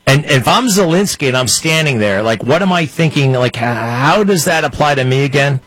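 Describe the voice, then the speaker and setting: A man's voice: mid-range voice, animated, brisk, fairly bright tone, no echo, poor audio. A man hosting an interview, asking eager questions and reacting with interest. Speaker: interview host.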